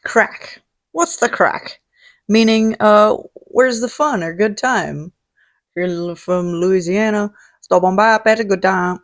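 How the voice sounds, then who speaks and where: A woman's voice: mid-range voice, takes it slowly. A woman hosting a casual vlog, talking in a jokey, salty way and swearing freely. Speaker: host. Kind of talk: casual chat.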